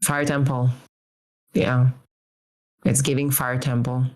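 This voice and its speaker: Low-pitched woman contestant, unhurried, teasing and giggly. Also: level tone, darkish tone, low-quality recording. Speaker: quiz contestant. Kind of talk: casual playful chat.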